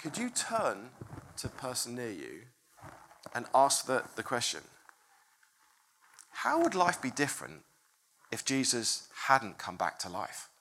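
A lively preacher speaks to a congregation, the pitch leaping and dipping as the story builds. The voice is bright and forward, the delivery chatty and full of restarts and little laughs. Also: a little slow, long pauses, slight background noise. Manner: animated, chatty, self-interrupting, laughs often. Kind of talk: informal sermon storytelling. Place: room with a congregation.

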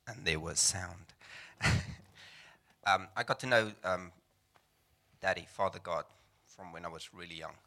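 Deep-voiced man giving a hesitant testimony. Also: a little slow, gravelly, long pauses, pushed and bright. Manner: hesitant, with many fillers, plain and sincere. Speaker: church member giving testimony. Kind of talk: personal testimony. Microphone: microphone.

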